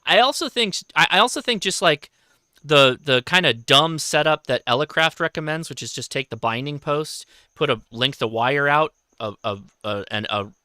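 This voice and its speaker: A man hosting a casual livestream, talking in a halting way and often correcting himself. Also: fairly high pitch, lively intonation, pushed and bright, clean tone, no echo, clean studio sound. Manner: halting, self-correcting, reads viewer questions aloud. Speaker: host.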